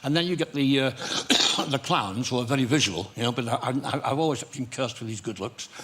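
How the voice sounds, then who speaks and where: A man's voice: mid-range voice, fairly quick, very noisy. An older man with a Liverpool accent, a comedian telling jokey anecdotes as a chat show guest, laughing and slipping into voices. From England. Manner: jokey, animated, breaks into laughter, does voices in his stories.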